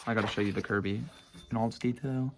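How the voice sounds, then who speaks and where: A man's voice: on the low side, steady tone, fast talker, noisy background. A teenage boy casually rambling about his own sketchbooks at home, swearing and mocking himself. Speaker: vlogger showing his sketchbooks. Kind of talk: casual chat.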